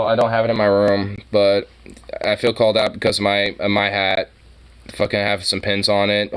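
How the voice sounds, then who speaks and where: A man's voice: lowish voice, smooth. A young man streaming a reaction to a video, rambling and swearing constantly as he mocks what he sees. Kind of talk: profane reaction commentary.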